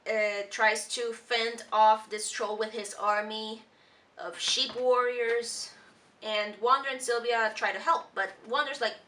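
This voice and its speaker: A woman casually reviewing a cartoon episode, rambling with ums and restarts, and briefly quoting characters in high playful voices. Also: steady tone, takes it slowly, pushed and bright, distant mic. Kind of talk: casual commentary.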